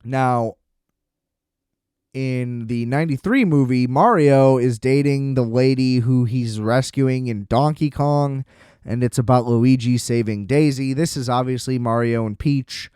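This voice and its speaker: A man in his twenties hosting a podcast, giving a loose, animated movie review with casual swearing. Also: medium pitch, a little slow, clean tone, no echo, clean studio sound. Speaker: podcast host.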